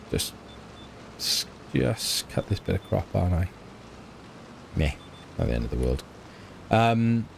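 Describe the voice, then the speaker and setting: A man's voice: low voice, dark tone, slight background noise. A middle-aged British man chatting casually and hesitantly while playing a farming game, often trailing off and mocking himself. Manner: rambling, hesitant, self-mocking. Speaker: let's play gamer.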